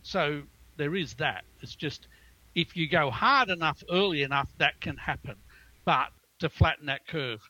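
A man's voice: fairly high pitch, animated, unhurried, bright, forceful tone, no echo, poor audio. A man, a librarian, thinking aloud in a casual group chat and repeating himself.

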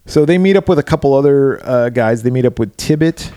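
A man's voice: mid-range voice, animated, a little fast, warm tone, clear, resonant tone, dry recording, studio quality. A man co-hosting a podcast, casually retelling a film's plot with lots of fillers and swearing. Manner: loose, profane, recaps plot with filler words. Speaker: podcast co-host. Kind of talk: casual movie-recap chat.

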